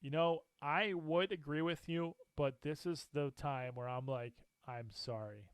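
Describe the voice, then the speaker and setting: A man co-hosting a casual sports talk show, animated and opinionated, laughing often as he makes his picks. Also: fairly high pitch, unhurried, smooth, no room sound. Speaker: co-host.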